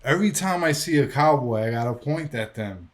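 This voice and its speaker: A man from New York telling excited stories in casual chat, acting out his own reactions and swearing freely. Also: medium pitch, brisk. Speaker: podcast host.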